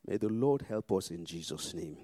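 Man preaching with a warm dry voice. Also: low voice, lively intonation, normal speed, dry recording. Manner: emphatic, repetitive, swings between loud exhortation and hushed prayer. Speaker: pastor. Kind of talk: preaching and leading prayer.

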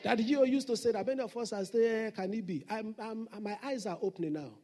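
A man's voice: high voice, fairly quick, warm tone. A man preaching a Sunday sermon as senior pastor, emphatic and repeating his declarations.

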